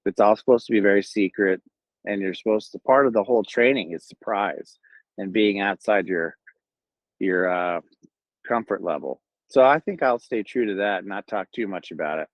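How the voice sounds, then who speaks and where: Man, Southern Californian accent, low voice, rambling casual storytelling, lots of fillers, dull lo-fi audio. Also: no echo. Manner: rambling, laid-back, many fillers and restarts. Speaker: Marine Corps veteran telling his story. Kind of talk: casual first-person storytelling. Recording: dull lo-fi, dry sound.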